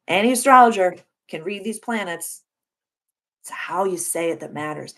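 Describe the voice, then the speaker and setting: Woman, 30s, live-stream astrology host; lowish voice, effusive and encouraging, loose conversational delivery. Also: lively intonation, normal speed. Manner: warm, effusive, spiritual coaching tone, reads out viewer comments. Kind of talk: casual live-stream talk to viewers.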